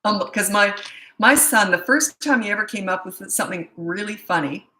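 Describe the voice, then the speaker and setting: A woman's voice: medium pitch, moderate pace, sharp tone, roomy sound, poor audio. A woman parenting coach answering questions in a blunt, chatty way that often breaks off mid-thought. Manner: blunt, chatty, self-interrupting. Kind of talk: casual live Q&A.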